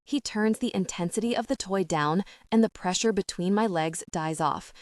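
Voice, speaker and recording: A woman narrating a first-person romance audiobook in a soft, intimate way. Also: medium pitch, normal speed, dry recording, clean studio sound.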